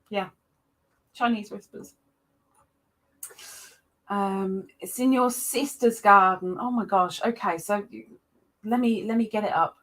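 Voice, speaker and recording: A woman hosting a casual livestream chat, greeting viewers by name with excited jumps in her voice. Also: mid-range voice, slow, pauses often. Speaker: livestream host.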